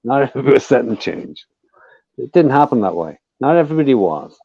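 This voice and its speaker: A man's voice: medium pitch, very animated, fast, slightly rough, dry recording, lo-fi sound. An Irish man hosting a casual live chat, blunt and emphatic with heavy swearing. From Ireland.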